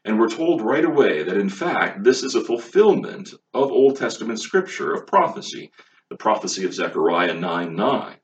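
A man's voice: fairly low pitch, big pitch swings, normal speed. A man preaching a sermon, emphatic and full of rhetorical questions, recorded on a distant mic with a dull, lo-fi sound. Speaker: pastor.

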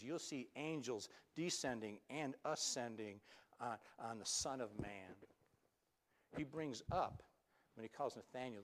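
A male pastor preaching a sermon, telling Bible stories with animated, acted-out quotes and some stammered restarts. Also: medium pitch.

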